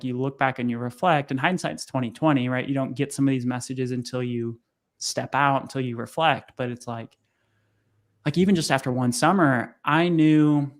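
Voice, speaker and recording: A young man, a podcast guest, telling a personal story in casual conversation, acting out what people said in a raised voice. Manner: animated, acts out quotes in high voices. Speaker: podcast guest, sales coach.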